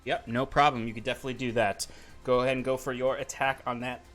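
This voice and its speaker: A man's voice: medium pitch, flat delivery, fast, a bit bright, faint music behind. A man acting as game master, giving casual, easygoing rulings to his players. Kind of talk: running a tabletop game.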